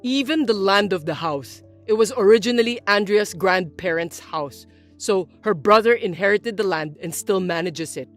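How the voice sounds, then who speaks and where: A performer voicing a patient adult son who explains things in a steady, firm way. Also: medium pitch, normal speed, soft background music, natural voice. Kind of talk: dubbed drama acting.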